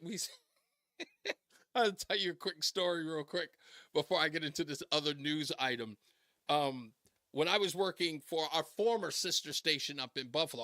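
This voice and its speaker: Male talk radio host, high bright voice, chatty storyteller who laughs a lot, dry booth sound. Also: dry recording.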